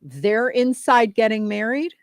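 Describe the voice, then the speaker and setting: A woman's voice: fairly high pitch, animated, a little slow, dry recording, studio quality. A woman co-hosting a radio show in casual chat, telling stories with frequent "like". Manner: chatty storyteller with frequent "like".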